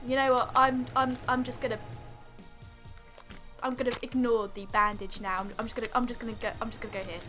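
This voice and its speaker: A woman's voice: fairly high pitch, level tone, fairly quick, pushed and bright, soft background music. A woman doing let's play commentary, exasperated and laughing often as she scolds the game character. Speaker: gamer.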